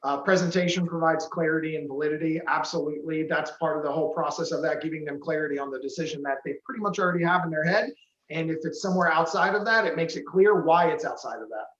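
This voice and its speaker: A man co-teaching a sales lesson, explaining points quickly and emphatically. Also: on the high side, a bit bright. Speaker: co-trainer. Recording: roomy, muffled lo-fi sound.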